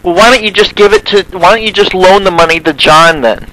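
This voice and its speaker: A man's voice: high voice, fairly quick, sharp tone, slight background noise. A man making a prank phone call, stammering through his words with feigned polite suspicion. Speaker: prank caller.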